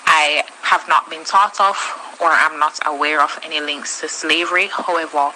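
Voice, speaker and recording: Low, composed woman. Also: pushed and bright, slight background noise, poor audio. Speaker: former student. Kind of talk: vox pop comment.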